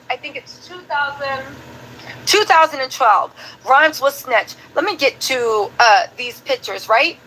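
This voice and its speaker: A woman's voice: high-pitched, bright, forceful tone, a little hiss or hum, low-quality recording. A woman hosting a live stream, chatting casually and animatedly to her viewers about news clips. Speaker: commentary host.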